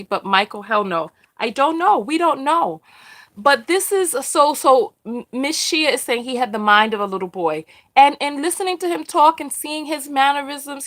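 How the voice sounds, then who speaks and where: High-voiced woman hosting a lively chat. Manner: animated, repeats phrases for emphasis; acts out quoted people. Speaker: host. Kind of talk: casual live discussion.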